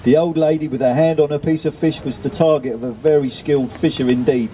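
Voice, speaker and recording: A man's voice: fairly high pitch, fairly even intonation, a little fast, mellow, slight background noise, rough recording. A man reading a children's story aloud, with chatty self-deprecating asides to the listeners. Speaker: reader.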